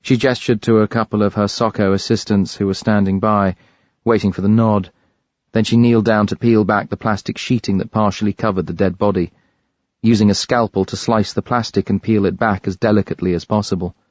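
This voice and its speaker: A man narrating an audiobook thriller in a measured, grave read. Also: lowish voice, fairly even intonation, darkish tone, dry recording, dull audio. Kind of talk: scripted narration.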